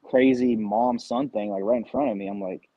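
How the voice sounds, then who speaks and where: A man in casual podcast chat, talking fast and loose and swearing casually. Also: medium pitch, steady tone, vocal fry, dark tone, no echo, dull audio. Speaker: podcast co-host, Marine recruiter.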